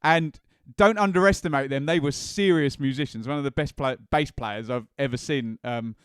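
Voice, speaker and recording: Chatty man with a smooth voice. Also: medium pitch, moderate pace, fairly bright tone, dry recording, clean studio sound. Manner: chatty and enthusiastic, with frequent ums. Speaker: music and football channel host. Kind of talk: casual ranked countdown commentary.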